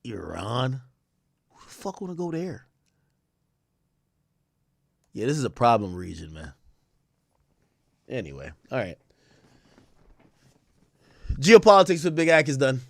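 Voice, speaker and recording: Lively, profane male livestream host. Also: medium pitch, a little slow, creaky, pauses often, dry recording, clean studio sound. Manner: loose, profane, animated riffing with sudden loud outbursts. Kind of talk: casual livestream commentary.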